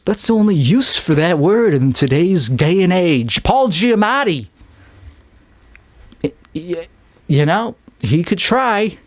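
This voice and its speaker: Man, Chicago accent, solo podcast monologue, meandering, fairly high voice. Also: big pitch swings, measured pace, dry recording. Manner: meandering, restarts and trails off. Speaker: podcast host.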